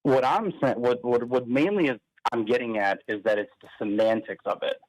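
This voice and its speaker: Male caller, mid pitch, hesitant and halting, argues while stumbling over his words. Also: a little mellow, no room sound, rough recording. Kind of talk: call-in debate.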